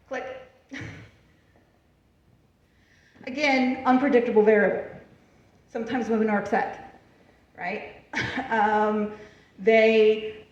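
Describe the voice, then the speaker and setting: Woman giving a lively talk in a roomy hall. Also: mid-range voice, slight background noise. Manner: lively, chatty, laughs often, asks the audience "right?". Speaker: history lecturer. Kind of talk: public library talk with slides. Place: library event room. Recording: far from the mic, roomy and dull.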